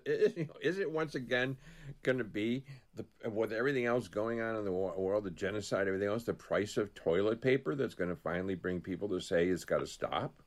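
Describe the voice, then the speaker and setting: A man co-hosting a casual political talk show, rambling and animated, telling stories with many restarts. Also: on the low side, fairly quick.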